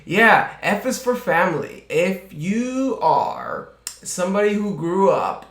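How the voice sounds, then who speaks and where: A man's voice: high-pitched, sing-song, slow pace, a bit bright. Laid-back male co-host, echoey room. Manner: laid-back, emphatic, repeats phrases. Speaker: podcast co-host. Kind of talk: casual chat. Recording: roomy echo.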